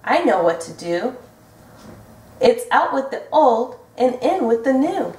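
A small, helpful wren speaks in a lowered, matter-of-fact storybook voice, as a woman puts it on. It sounds slow and distant, with an echo from the room. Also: very animated, a little mellow. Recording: roomy echo from a distant mic.

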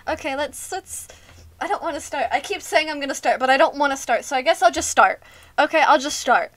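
High-pitched young woman, jittery and scared. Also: expressive, fairly quick, a bit bright. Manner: jittery and scared, nervous laughs and repeated phrases. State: shaky and lightheaded. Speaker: gaming YouTuber. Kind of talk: let's play commentary.

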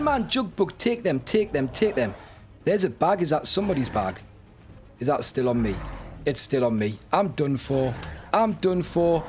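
A young man giving excitable gameplay commentary, often yelping and shouting in panic. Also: fairly high pitch, unhurried, a little hiss or hum. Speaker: gaming YouTuber.

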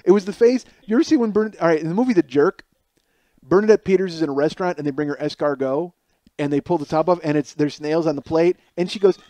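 A man in his forties, hosting a podcast, telling a comic story in a rambling, animated way with many restarts and acted-out quotes. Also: high voice, quick pace, no echo. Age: 40s. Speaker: podcast host. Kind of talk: comedic storytelling monologue. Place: home kitchen.

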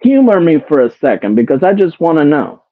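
A man's voice: a little high, very animated, a little fast, no room sound. A man giving casual commentary to his live chat, exasperated, swearing and repeating himself as he keeps throwing rhetorical questions at his viewers. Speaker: commentary streamer. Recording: tinny phone-like sound, dry.

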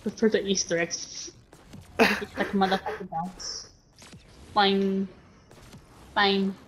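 A woman's voice: mid-range voice, little pitch movement, slow pace, a bit bright, a little hiss or hum. A woman gamer chatting casually while playing, playful and crude, swearing a lot. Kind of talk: casual gaming chat.

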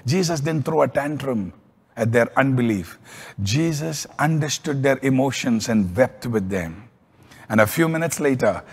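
Husky pastor preaching in a hall. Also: male voice. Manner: storytelling with lively swings in pitch and volume. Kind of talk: sermon.

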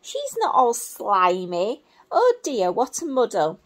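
A woman's voice: on the high side, wildly swooping pitch, slow, full character voice. A woman voicing a small young monkey looking for its mother in a storybook, insistently correcting a friend. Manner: insistent, exasperated repeated denials.

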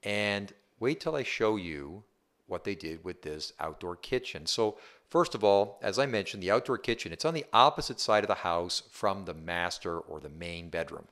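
Walking a viewer through a house, this male real estate agent speaks at normal speed in a low, slightly bright voice with lively intonation. The casual tour is upbeat and chatty, with frequent "right?" check-ins.

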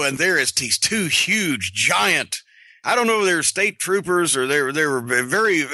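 Middle-aged podcast guy, sarcastic and cussing, high bright voice, dry close sound. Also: no room sound. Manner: animated, profane, sarcastic storyteller. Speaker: podcast host. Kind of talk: casual storytelling on a podcast.

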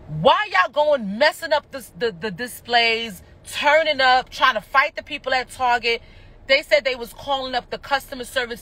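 A woman's voice: fairly high pitch, lively intonation, moderate pace, a bit bright. A woman ranting on a livestream, passionate, annoyed and cursing, talking indoors at home into a phone. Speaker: reality TV personality going live. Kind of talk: livestream rant.

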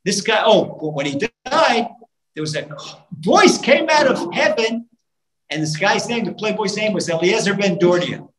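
A man, a rabbi, telling a story in a live sermon with animated delivery, singing snatches of old songs and building to fervent emphasis. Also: high voice, normal speed. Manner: animated storytelling with sung lines and rising fervor. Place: live talk in a room. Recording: roomy live hall recording.

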